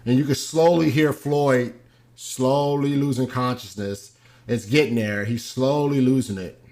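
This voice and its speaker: A young man talking through a video clip in an unscripted, casual way. He hesitates often, fills pauses with "um" and restarts his sentences as he goes. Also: mid-range voice, darkish tone. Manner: hesitant, many ums and restarts. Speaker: host.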